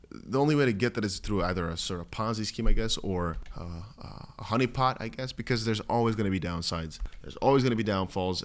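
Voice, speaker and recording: Male crypto vlog host, slightly low voice, strained and cracking, animated chatty delivery that mimics panicked viewers. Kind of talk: casual to-camera market update.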